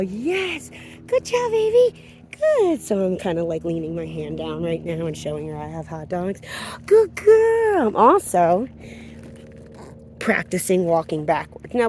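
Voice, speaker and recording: A woman dog trainer teaching outdoors while walking a dog, explaining calmly and switching to high, sing-song praise for the dog. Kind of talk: instructional walkthrough while training.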